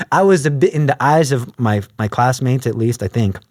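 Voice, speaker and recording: A man's voice: medium pitch, normal speed, no room sound, studio quality. A man telling his story as an interview guest, acting out the voices of the people in it. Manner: animated, acts out quoted voices. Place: podcast studio.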